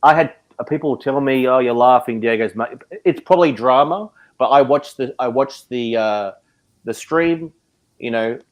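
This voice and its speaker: A man's voice: mid-range voice, moderate pace. Man, emotional, passionate, stammering, repeating himself, live-stream argument. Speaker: watch community member.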